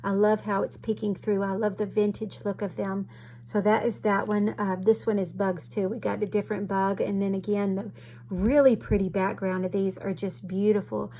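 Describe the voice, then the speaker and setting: A woman's voice: medium pitch, flat delivery, mellow. Gushing woman with faint hum. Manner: gushing, halting with restarts. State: tearful, voice choked. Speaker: craft channel host. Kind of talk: casual craft show-and-tell.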